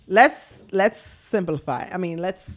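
A woman's voice: fairly low pitch, slow. A frank woman talking in casual banter as a podcast co-host, swearing freely and laughing often.

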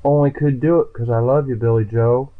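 A man's voice: mid-range voice, fairly even intonation, fairly quick, voice pushed up, close to an everyday voice. Man putting on a young Ozark backwoods woman. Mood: soft. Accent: put-on Ozark backwoods twang. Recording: tinny phone-like sound.

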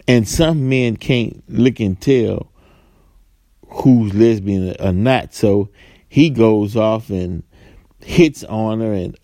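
Speaking slowly in a warm, fairly low voice, a man tells stories straight to camera, playing out dialogue in different voices and tossing in rhetorical "right?" His casual monologue has some fillers and repeated words, and there's no room sound.

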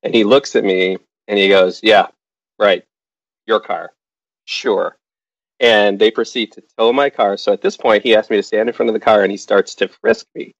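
A middle-aged man with a fairly low voice tells a personal story with lively energy, slipping into the voices of other people as he goes. The recording is dry and a bit dull and lo-fi, with little room sound. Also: a little fast, few pauses, no echo. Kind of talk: personal anecdote told to a live audience.

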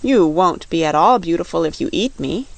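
A woman voicing a big, kindly wanderer who talks gently and with elaborate politeness. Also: on the low side, lively intonation, normal speed, gravelly. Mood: sad. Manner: courteous, gentle.

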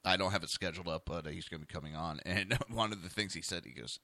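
A man's voice: low-pitched, very animated, quick pace, hardly any pauses, bright, forceful tone, no echo, clean studio sound. A man with a New Jersey accent hosting a talk radio show, ranting bluntly and cursing freely. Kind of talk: opinionated talk radio rant.

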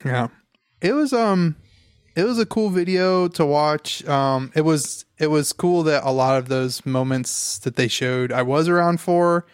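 A man co-hosting a casual podcast, talking in halting, rambling sentences full of fillers. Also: on the high side, smooth, no room sound, studio quality. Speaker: podcast co-host. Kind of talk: casual chat.

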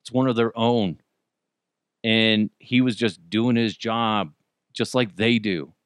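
A man hosting a solo commentary show, ranting with heavy swearing and swinging between loud outbursts and low muttered asides. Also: fairly even intonation, slow, clear, resonant tone, no room sound. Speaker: show host.

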